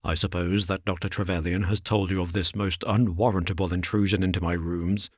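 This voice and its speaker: A man voicing a jittery, nervous middle-aged gentleman with a reedy, quivering voice. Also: low voice, little pitch movement, brisk, no echo, studio quality. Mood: anxious.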